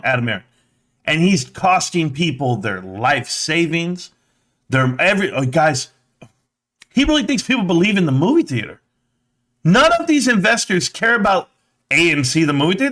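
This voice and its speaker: A man's voice: fairly high pitch, big pitch swings, normal speed, a bit bright. Blunt, mocking male stream host. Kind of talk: reaction commentary.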